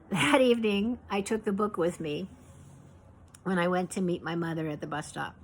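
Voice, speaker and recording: Low-voiced woman reading her memoir. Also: a little hiss or hum, poor audio. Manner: measured, reflective.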